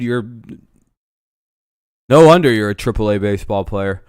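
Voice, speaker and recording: A man's voice: fairly low pitch, expressive, normal speed, clean tone, dry recording, clean studio sound. Profane, argumentative man on a live stream. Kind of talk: casual chat during a game watch-along.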